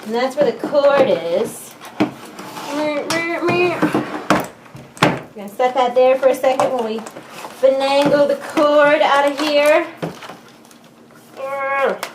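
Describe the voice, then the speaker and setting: A woman's voice: sits high, steady tone, unhurried, long pauses. A young woman hosting an unboxing video, giddy and jokey, chattering to herself as she works the packaging open. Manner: giddy, jokey, talks to herself while fiddling with the box. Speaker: unboxing vlogger. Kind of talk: excited casual unboxing talk. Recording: echoey room, faint background hiss.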